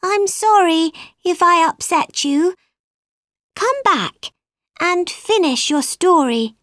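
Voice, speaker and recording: A woman's voice: high voice, very animated, takes it slowly, a bit bright, no room sound, studio quality, voice pushed up, exaggerated voice. A woman reading aloud voices Alice, a polite and curious young girl, in an earnest, eager manner.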